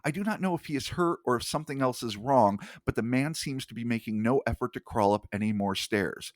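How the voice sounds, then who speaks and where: Podcast guy reading a story out, low key and careful, dry close sound. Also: no room sound. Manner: hushed, measured reading, casual swearing in asides. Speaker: podcast host. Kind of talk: reading an account aloud on a podcast.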